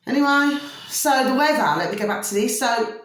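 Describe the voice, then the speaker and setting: A woman's voice: sits high, animated, normal speed, a bit bright. A middle-aged woman with a homely, rambling way of talking, chatting about spiritual matters in a vlog. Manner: rambling, homely, fond of mild slang like "flipping" and "blooming". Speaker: vlogger. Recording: very echoey room.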